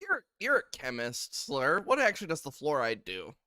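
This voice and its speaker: A man hosting a podcast in an animated, laughing casual chat. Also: on the high side, normal speed, dry recording. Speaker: podcast host.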